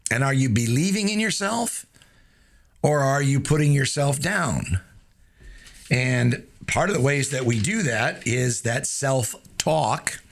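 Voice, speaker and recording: A man's voice: mid-range voice, lively intonation, slow pace, creaky. A man hosting a casual motivational talk, folksy and joking, with lots of fillers. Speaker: host of a motivational show. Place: streaming live.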